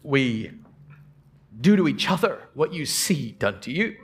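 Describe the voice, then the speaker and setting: A man's voice: medium pitch, big pitch swings, unhurried, slightly rough. A middle-aged man preaching a sermon, telling stories earnestly with frequent restarts and quoted conversations. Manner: earnest storytelling with many restarts and quoted dialogue. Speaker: pastor.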